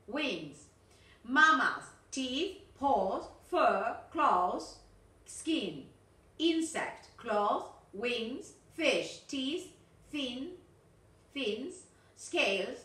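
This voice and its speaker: A woman's voice: fairly high pitch, sharp tone. A middle-aged woman teaching an English video lesson, chatty and encouraging, with frequent "okay" and "yes". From Argentina. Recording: echoey room, distant mic.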